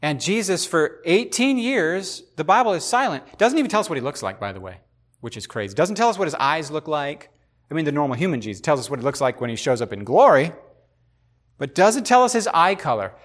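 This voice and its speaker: A man hosting a podcast, talking in a casual devotional way, animated and speculative, often repeating himself for emphasis. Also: on the high side, brisk. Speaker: podcast host.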